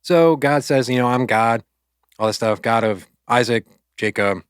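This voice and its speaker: A man co-hosting a faith podcast, casually retelling a Bible story in loose, chatty speech, with quick asides and quoted lines. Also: medium pitch, smooth, dry recording, clean studio sound. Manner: loose, conversational, acts out quotes with filler words. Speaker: podcast co-host.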